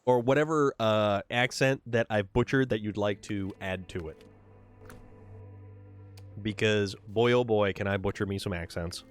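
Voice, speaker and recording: A man's voice: on the low side, unhurried, clean tone, faint music behind. A man hosting a casual gameplay livestream, rambling and repeating words as he chats with viewers. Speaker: livestream gamer host. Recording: game vehicle noise behind voice.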